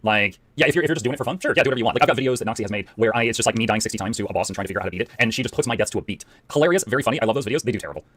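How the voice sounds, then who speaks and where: A man explaining his views as a content creator, talking quickly with many fillers. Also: fairly low pitch, animated, fairly bright tone, no echo. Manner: fast, explanatory, filler-heavy. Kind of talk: clip played on stream.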